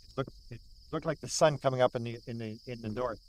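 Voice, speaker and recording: This is a man in his sixties from Canada, an older UFO researcher, speaking fast in a medium-pitched, slightly mellow voice. He recounts a sighting outdoors at the site in animated storytelling, repeating words for emphasis and acting out what others said.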